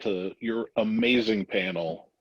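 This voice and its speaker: A man's voice: on the low side, a little slow, slightly rough, no echo, lo-fi sound. A man hosting a podcast interview, asking his guest questions in a laid-back, admiring way. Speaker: podcast host.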